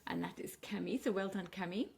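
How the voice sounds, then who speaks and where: A woman teaching English pronunciation and word stress, speaking clearly and deliberately, slowing down on the example words. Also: mid-range voice, darkish tone. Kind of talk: pronunciation lesson.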